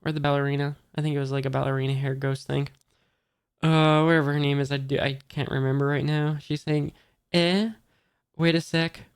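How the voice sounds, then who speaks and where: Smooth, even-toned casual comic reader. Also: mid-range voice. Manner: hesitant, often forgets names; reads quotes in a near-plain voice. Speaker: manga reader. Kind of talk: casual read-aloud of a comic.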